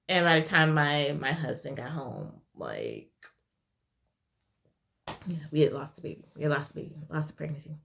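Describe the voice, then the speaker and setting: A young woman telling a heartfelt personal story in a halting, tearful way, her voice at times dropping to a whisper. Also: low-pitched, big pitch swings, gravelly, a bit bright, a little hiss or hum. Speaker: vlogger sharing a personal story. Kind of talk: emotional personal testimony.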